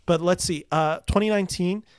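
A man's voice: high voice, a little fast, smooth, no room sound, clean studio sound. A young man in casual conversation as a podcast host, enthusiastic and rambling with fillers. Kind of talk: casual chat about movies.

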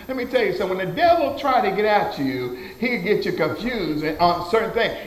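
A high-pitched man with lively intonation preaches a little fast, barely pausing. He's a pastor delivering a call-and-response sermon full of amens, folksy turns of phrase, and stammered restarts, all echoing around the church sanctuary.

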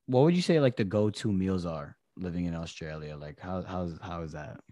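A man's voice: sits low, moderate pace, dark tone, no echo. A man hosting a casual podcast, asking questions and laughing often. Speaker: podcast host. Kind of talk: casual chat.

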